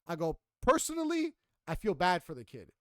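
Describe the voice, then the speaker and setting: Profane, animated young man telling a story. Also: on the high side, a little fast, no echo, studio quality. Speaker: podcast co-host. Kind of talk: casual storytelling chat.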